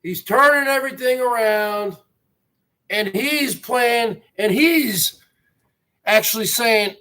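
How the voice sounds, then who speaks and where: Slow, indignant high-voiced man ranting. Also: lively intonation, sharp tone. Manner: indignant, repetitive, slow and emphatic. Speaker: livestream host. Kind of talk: ranting livestream commentary.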